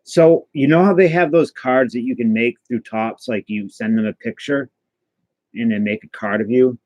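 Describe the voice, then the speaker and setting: A man's voice: mid-range voice, normal speed, darkish tone, no room sound. A man hosting a casual livestream, chatting and answering his viewers as he goes. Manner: chatty, answers chat messages aloud, stumbles and restarts. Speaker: livestream host opening trading cards.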